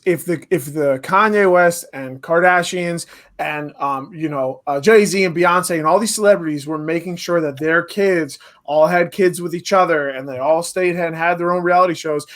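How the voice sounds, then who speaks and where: A man's voice: a little high, a bit bright. A man co-hosting a casual podcast, arguing his points emphatically and repeating phrases for stress. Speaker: podcast co-host. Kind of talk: casual chat.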